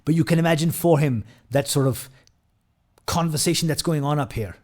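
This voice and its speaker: A man's voice: a little high, a little fast. Rambling male film reviewer. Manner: hesitant, many fillers and restarts, retells scenes with quoted lines. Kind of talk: casual spoken film review.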